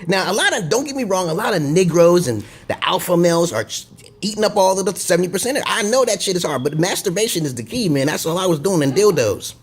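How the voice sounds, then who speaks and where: High-voiced man in a profane rambling rant. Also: lively intonation, fast talker, husky. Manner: profane, rambling, digressive monologue; repeats himself and checks in with "okay?". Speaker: video blogger. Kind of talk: casual vlog rant to camera.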